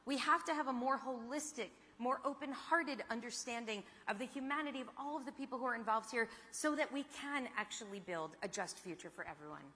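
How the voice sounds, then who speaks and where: A woman's voice: on the high side, fairly quick, few pauses, sharp tone, a little hiss or hum. A middle-aged woman giving an earnest, impassioned speech, full of rhetorical questions. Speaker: panel speaker. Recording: hall reverb.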